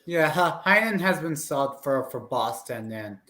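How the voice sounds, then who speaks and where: A man's voice: medium pitch, expressive, measured pace, pushed and bright. A man co-hosting a casual sports chat, easygoing and joking. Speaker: podcast co-host.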